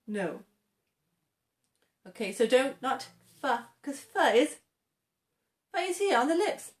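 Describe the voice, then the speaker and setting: Woman english teacher, talks real slow, kinda high voice, keeps saying okay and repeating words. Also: lively intonation. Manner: patient, repeats words slowly, often says okay. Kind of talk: slow, clear pronunciation lesson to camera.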